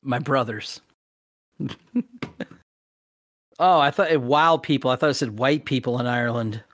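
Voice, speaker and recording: A man's voice: mid-range voice, a little slow, a bit bright. A man co-hosting a podcast in casual chat, reading out fun facts and laughing often. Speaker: podcast co-host.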